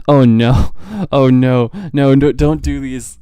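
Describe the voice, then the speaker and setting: A young male streamer gives live reaction commentary in an unhurried, mellow voice. His tone is smooth and clean. The sound is dry and close. He reacts as an excitable fan, gasping, laughing and losing his train of thought. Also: medium pitch, dry recording. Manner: excitable fan, gasps, laughs and frequent trailing restarts. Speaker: streamer reacting to a manga chapter.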